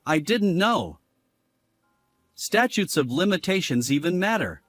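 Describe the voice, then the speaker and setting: Male actor as selfish cheating husband; lively, higher voice, dry close recording. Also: measured pace, no room sound, full character voice. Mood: pleading. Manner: lively, swinging between angry and begging. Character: selfish unfaithful husband, pleading and blustering. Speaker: husband character. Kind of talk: dramatized story dialogue.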